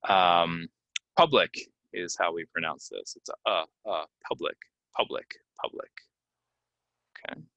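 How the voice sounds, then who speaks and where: A man teaching English pronunciation from slides, repeating each word slowly and giving example sentences with many ums. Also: deep voice, sharp tone, dry recording, low-quality recording. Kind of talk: slide-based pronunciation lesson.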